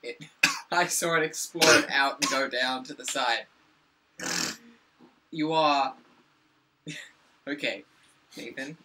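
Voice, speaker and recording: A man's voice: mid-range voice, slow pace, pauses often, pushed and bright, slight background noise. A young man doing casual gameplay commentary at home, sarcastic and exasperated as he banters with a friend. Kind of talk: casual let's play commentary. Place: home room.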